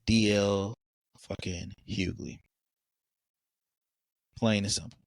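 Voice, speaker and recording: Excitable storytelling host, dry close mic. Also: male voice, on the low side, takes it slowly, no room sound. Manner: animated storyteller, excitable, stumbles over words. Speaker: podcast host. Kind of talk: casual interview chat.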